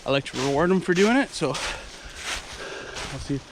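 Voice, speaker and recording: A man's voice: a little high, unhurried. Winded man talking casually outdoors. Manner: casual, excitable when the hawk dives. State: out of breath. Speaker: falconer vlogger. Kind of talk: outdoor hunting vlog narration. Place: outdoors in fields and woods. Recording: outdoor noise behind the voice.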